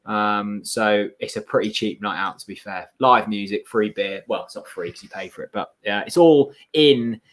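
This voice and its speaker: Man, co-host, relaxed fan chat, teasing, plenty of fillers. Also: fairly low pitch, normal speed, few pauses. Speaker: co-host of a football watchalong.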